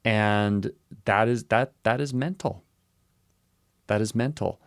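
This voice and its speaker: A man's voice: lowish voice, takes it slowly, no echo, clean studio sound. A man co-hosting a podcast who muses in casual talk and repeats short phrases as he works through an idea. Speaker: podcast co-host. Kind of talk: casual reflective chat.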